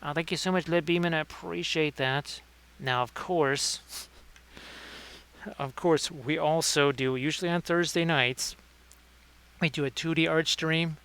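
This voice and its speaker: A man's voice: fairly high pitch, fairly even intonation, unhurried, pauses often, fairly bright tone, smooth. A man hosting a casual livestream painting tutorial, chatting with viewers by name between painting tips. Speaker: miniature painting streamer.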